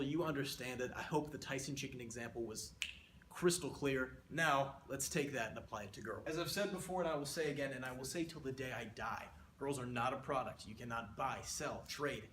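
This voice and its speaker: A man's voice: medium pitch, a bit bright, slight background noise. A man giving a comedic mock economics lecture, playful and rambling with exaggerated asides. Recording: roomy echo.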